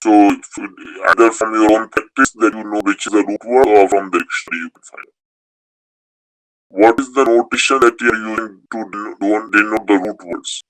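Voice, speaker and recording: A male language teacher with a lowish voice and a bright, forceful tone, taking questions in an online class. He explains methodically, restarting words as he goes. The sound is dry and close. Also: fairly even intonation, moderate pace, no echo, low-quality recording.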